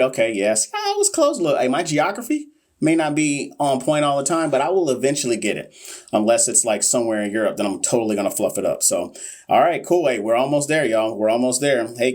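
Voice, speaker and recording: A man's voice: mid-range voice, a little mellow. A man hosting a live nursing exam review, joking with viewers and reading questions casually. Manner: playful, joking, talks straight to viewers. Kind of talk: casual livestream teaching.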